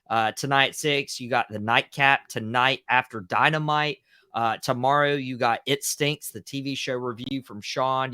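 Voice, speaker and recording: A man hosting a wrestling podcast, chatting casually and excitably. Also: mid-range voice, clean tone, dry recording, clean studio sound. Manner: casual, excitable, says "dude" a lot. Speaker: podcast host.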